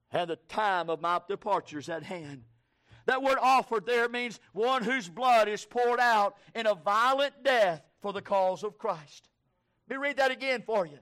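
A preacher delivers a sermon in a strikingly high voice for a man. He moves from low, hurried passages to shouted, fervent proclamation.

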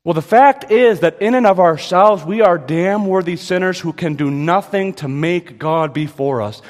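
Emphatic preacher in a reverberant hall. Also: male voice. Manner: emphatic, with sudden pitch rises and slow stressed quotes. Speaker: pastor. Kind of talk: sermon.

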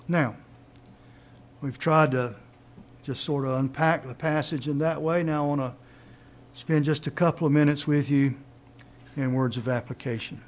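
A man's voice: a little high, normal speed. A man preaching a sermon, teaching in an emphatic way and asking rhetorical questions.

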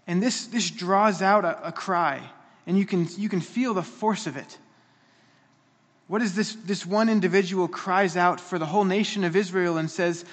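Earnest high-voiced preacher in a reverberant hall. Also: male voice, moderate pace. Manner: earnest, emphatic, with frequent restarts. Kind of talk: sermon.

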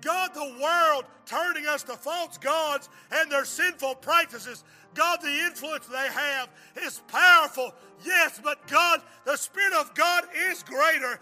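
A man preaching a revival sermon and praying at the altar call, his voice high and piercingly bright. He swings from fervent shouts down to sudden hushed appeals. Faint music plays beneath him. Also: unhurried, hardly any pauses.

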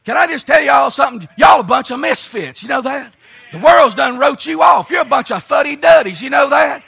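Hoarse, shouting preacher man. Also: very high voice, animated, brisk, soft background music. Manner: hoarse, strained, folksy preaching with many "uh"s. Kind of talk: shouted camp-meeting sermon. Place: large church or camp meeting, live congregation.

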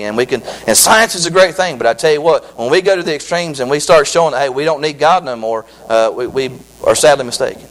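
A man preaching a sermon as pastor, excitable and repetitive, with frequent restarts. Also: fairly high pitch, quick pace, rough recording.

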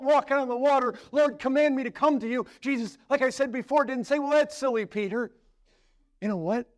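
A male pastor with a high voice preaches with strong emphasis, firing off urgent questions and then dropping to a hushed tone. The recording is dry and close. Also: no room sound. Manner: emphatic, swings from loud to hushed. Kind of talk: sermon.

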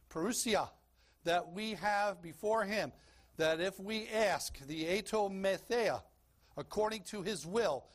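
A man's voice: sits high, a bit bright. A man preaching a sermon as pastor of a church, emphatic, asking the congregation questions and calling for slides.

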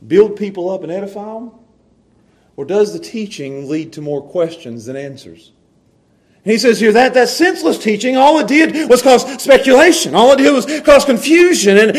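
A man preaching a conversational sermon to his church, repeating words and restarting phrases for emphasis. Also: high voice. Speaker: pastor.

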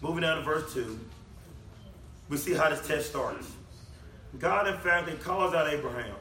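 High, bright preacher man. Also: normal speed, a little hiss or hum. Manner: conversational preaching full of rhetorical questions. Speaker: pastor. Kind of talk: sermon. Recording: echoey room, mic at a distance.

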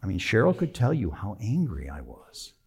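A middle-aged man preaching a sermon, telling a personal story with emotion, moving from quiet to emphatic. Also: lowish voice, wildly swooping pitch, moderate pace, breathy edge. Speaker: pastor.

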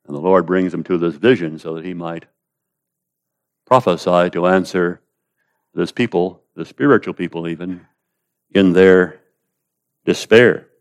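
A man preaching an expository sermon, rising to loud pleading when voicing prayers and dropping low and quiet, addressing listeners as beloved. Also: steady tone, a little slow, pauses often.

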